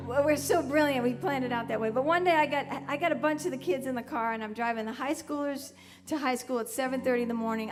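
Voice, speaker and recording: Woman, middle-aged, from Massachusetts, singer-songwriter, rambling self-mocking stage talk, a little high-pitched, live stage mic. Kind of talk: onstage banter between songs.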